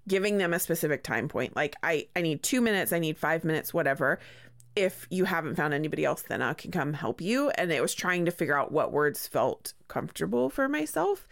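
A woman, a practice manager co-hosting a podcast, talking in a reflective, measured way in casual chat. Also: fairly low pitch, fairly bright tone.

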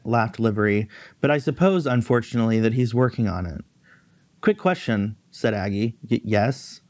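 A man's voice: moderate pace, darkish tone, no room sound. Man reading a novel aloud, dry. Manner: pitches voice up for the female characters' lines. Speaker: author reading his novel. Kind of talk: reading fiction aloud, voicing characters.

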